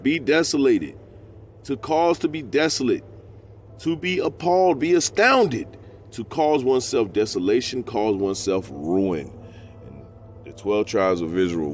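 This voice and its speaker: A man teaching scripture, reading verses slowly and breaking into slangy, profane asides. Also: on the low side, darkish tone, slight background noise. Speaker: preacher. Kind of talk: scripture teaching with street talk.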